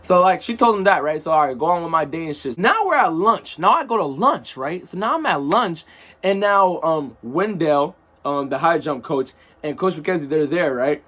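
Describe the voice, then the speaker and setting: Brief: man, casual storytime narrator, slightly high and husky, loose slang delivery. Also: normal speed. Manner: animated, rambling, slang-heavy storytelling.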